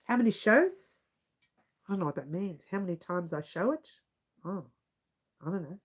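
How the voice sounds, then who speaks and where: A woman's voice: fairly low pitch, animated, moderate pace, husky. A woman with an Australian accent chatting casually on a live stream, giggling and reading out viewer comments.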